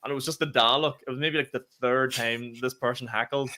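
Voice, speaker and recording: Fast-talking young Northern Irish man. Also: mid-range voice, steady tone, sharp tone. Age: young adult. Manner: quick storytelling with swearing and fillers. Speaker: podcast co-host, comedian. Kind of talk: casual chat.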